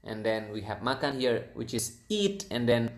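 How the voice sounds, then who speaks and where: A language teacher giving a casual online lesson, repeating words slowly for listeners to practice. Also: medium pitch, sing-song. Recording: roomy echo.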